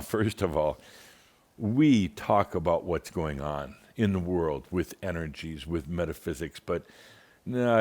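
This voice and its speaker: A man giving a channeled spiritual talk in a wry, playful way, rambling with fillers. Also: low voice.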